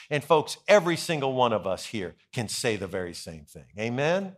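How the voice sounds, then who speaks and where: A middle-aged man, a senior pastor, preaching a sermon in a deliberate way, dropping soft and low for stories and rising for emphasis. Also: very animated.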